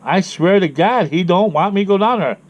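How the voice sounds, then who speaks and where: A man's voice: sits high, lively intonation, normal speed. A man with a head cold, ranting angrily and swearing while he tells a bad day, repeating himself. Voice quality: congested. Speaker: vlogger. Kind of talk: ranting personal vlog. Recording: dull lo-fi sound with faint noise.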